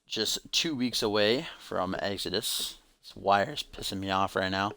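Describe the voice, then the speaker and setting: A man's voice: on the low side, a little slow, gravelly, pushed and bright, no room sound. A man hosting a live stream, giving joking play-by-play of a wrestling video game between chat asides. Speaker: stream host and commentator.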